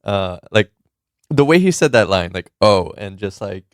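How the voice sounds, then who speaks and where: A man on a podcast talking casually and softly about a movie. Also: fairly low pitch, lively intonation, unhurried, no echo, studio quality. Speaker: podcast co-host.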